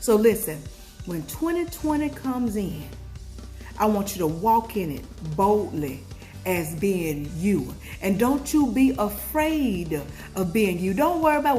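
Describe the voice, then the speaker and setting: This Georgia-born motivational vlogger has a Southern accent and a warm, expressive, medium-pitched voice, speaking a little slowly over soft background music. Her pep talk is preachy, full of call-and-response questions to viewers and sung snippets.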